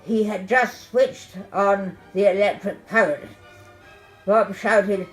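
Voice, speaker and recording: Deadpan woman reading her memoir. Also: medium pitch, slow, faint music behind, rough recording. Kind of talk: first-person memoir narration.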